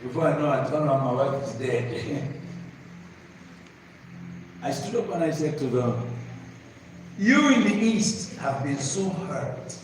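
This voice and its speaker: A man with a Nigerian accent preaching to a live audience, telling a story with animated, shouted voices of the crowd. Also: mid-range voice. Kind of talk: sermon storytelling. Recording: echoey hall, distant mic, noisy.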